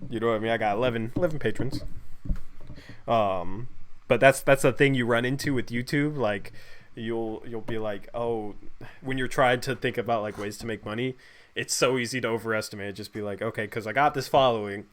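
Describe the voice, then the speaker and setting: A young man in casual livestream mode, talking in a relaxed, slangy, joking way and reading out viewer donations. His voice sits in a middling pitch. A faint hiss of background noise runs under his home mic. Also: fairly quick. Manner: laid-back, joking, slangy, reads out donations. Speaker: host.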